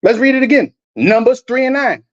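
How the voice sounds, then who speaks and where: A man's voice: extremely high pitch, expressive, a little fast, dull audio. A man preaching fiercely over video clips, swearing freely and often stumbling over repeated words. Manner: heated, profane, repeats and restarts words. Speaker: street preacher.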